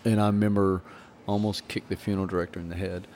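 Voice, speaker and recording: A podcast host who used to be a minister talks about grief in a candid conversation, telling stories in an earnest, preacherly way. His voice is low and a little mellow, with a level tone and a quick pace.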